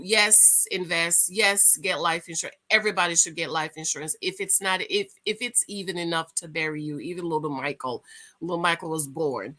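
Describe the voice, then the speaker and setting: Middle-aged woman vlogger, lively storyteller, sharp tense tone, casual talk to camera. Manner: animated storyteller, big swings in pitch and loudness. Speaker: channel host. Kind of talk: casual vlog monologue.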